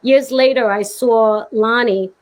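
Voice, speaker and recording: Animated woman telling a story. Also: fairly high pitch, slow. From Brooklyn. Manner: expressive, laughing storyteller. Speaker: guest, actress. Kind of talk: animated anecdote in conversation.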